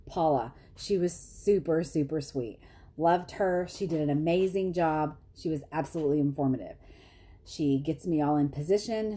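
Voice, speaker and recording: A woman, telling a story to her viewers in a chatty, self-deprecating way. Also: mellow. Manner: chatty, self-deprecating, laughs often, quotes others in high voices. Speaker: vlogger.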